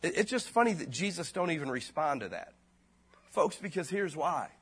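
A pastor preaching a sermon in a casual, slangy way, his voice dropping low and then rising loud. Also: lively intonation, moderate pace, slightly rough.

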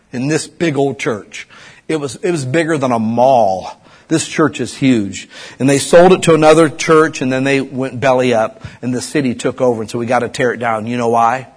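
A middle-aged man from Ohio preaching a sermon as pastor, swinging from loud urging to hushed asides. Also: mid-range voice, slightly rough.

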